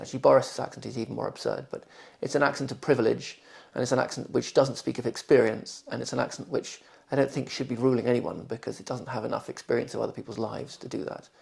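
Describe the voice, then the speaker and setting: Gravelly posh English man in his forties. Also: mid-range voice. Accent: posh southern English. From London, England. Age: 40s. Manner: careful, clearly pronounced speech. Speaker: interviewee. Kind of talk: reading test passages, then interview answers.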